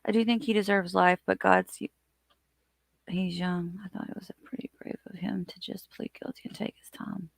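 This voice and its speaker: A woman with a mid-range, steady voice speaks at a moderate pace, her tone creaky with a breathy edge, in a dry recording. She's hosting a casual livestream, chatting and greeting viewers by name as she reads their comments.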